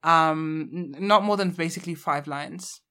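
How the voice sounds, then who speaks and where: A woman's voice: deep voice, a little slow, pushed and bright, clear, resonant tone. Blunt, playful young woman podcast co-host. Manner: blunt, playful, swears casually. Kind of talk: casual chat.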